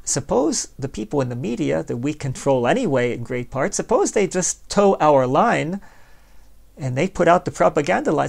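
This man's fairly high, creaky voice has a darkish tone and is very animated, moving at a moderate pace. He hosts a podcast, addressing listeners directly with a sardonic, rambling philosophical monologue in which he performs both sides of an imaginary conversation, conversational in tone.

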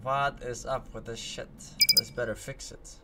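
A man's voice: mid-range voice, steady tone, moderate pace. A man streaming a video game, talking casually with profane, exasperated commentary. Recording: loud game noise behind.

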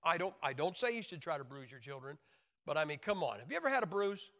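A high, lively male voice delivers a joking, emphatic sermon and swings widely in pitch. His bright, forceful tone rings out through the long reverb of a large hall. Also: fast. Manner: emphatic, joking, acts out crying babies in high shouts. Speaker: preacher.

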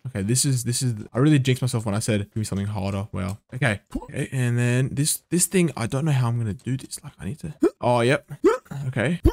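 A man giving live gameplay commentary, excitable and swearing under his breath, with sudden gasps and outbursts. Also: mid-range voice, quick pace, dry recording. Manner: mutters to himself, swears when frustrated. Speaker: gaming video creator.

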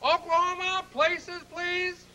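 A man voicing an earnest, flustered frog who directs a scene and repeats himself when excited. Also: very high-pitched, slow, lo-fi sound, full character voice. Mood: coaxing. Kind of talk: puppet sketch comedy.

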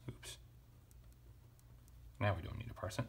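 A man teaching ancient Greek grammar at a relaxed pace, thinking aloud and correcting himself with casual asides. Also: a little slow, slight background noise. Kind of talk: relaxed verse-by-verse parsing lesson.

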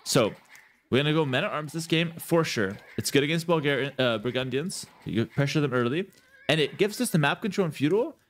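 A man's voice: fairly high pitch, lively intonation, brisk. A man giving casual, playful commentary while playing a strategy game, talking to his viewers and repeating words as he thinks. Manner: playful, chatty, addresses viewers as guys. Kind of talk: casual live gameplay commentary.

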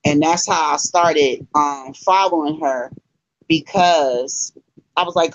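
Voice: mid-range voice, measured pace, lo-fi sound, a little hiss or hum. A host of a live stream talking to viewers, chatty and emphatic, retelling stories and asking the audience to share. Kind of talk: casual commentary to a live audience.

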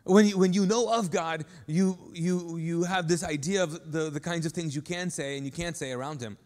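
A male pastor preaches in a sanctuary, his slightly high voice trailing off in a long hall echo. He talks to the congregation in a loose, joking way and acts out little quotes as he goes. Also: fairly even intonation, normal speed, darkish tone. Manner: conversational and joking, with acted-out quotes. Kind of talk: sermon. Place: church sanctuary. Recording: long reverb of a large hall.

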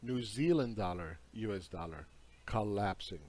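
Low-ish voiced guy walking through charts, insistent, kinda scornful. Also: animated, measured pace, darkish tone. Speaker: market commentary host. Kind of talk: lecturing over charts.

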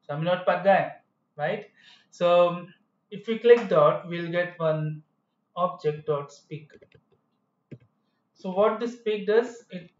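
In this screen-recorded coding tutorial, a high-pitched man rambles through his explanations, often correcting himself. The recording has a dull, echoey room sound.

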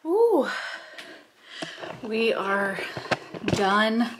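A woman's voice: fairly high pitch, very animated, very slow, music in the background. A woman in her thirties vlogging casually while moving house, chatty, out of breath and laughing often. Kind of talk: casual vlog chat.

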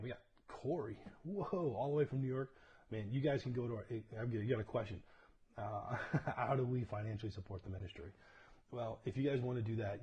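Low, mellow-voiced pastor on a livestream. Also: male voice. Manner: conversational, often checks in with "okay?" and "right?"; tells personal stories with self-deprecating laughs. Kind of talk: casual livestreamed sermon. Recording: dull lo-fi livestream audio with faint noise.

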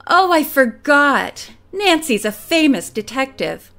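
A woman's voice: a little high, big pitch swings, normal speed, a bit bright. A woman reading the part of a hostile, sarcastic young woman in an audiobook.

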